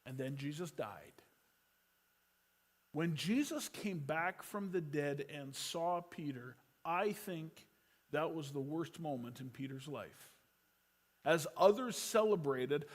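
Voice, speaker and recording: A middle-aged man preaching a sermon as pastor, telling stories that swing from loud urgency to a quiet hush. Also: on the high side, measured pace.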